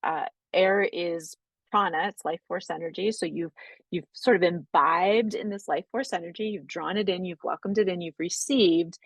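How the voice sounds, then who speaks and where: A woman teaching breathwork, guiding slow breathing exercises in a gentle, unhurried way, often checking in with "right?". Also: lowish voice, dry recording, low-quality recording. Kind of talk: guided breathing instruction.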